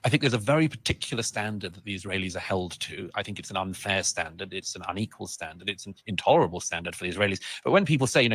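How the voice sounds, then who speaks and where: Brisk, emphatic man. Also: fairly low pitch, expressive, a bit bright, dry recording. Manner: articulate, emphatic, repeats words as he builds a point. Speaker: commentator interviewed on TV. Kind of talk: televised interview, political commentary.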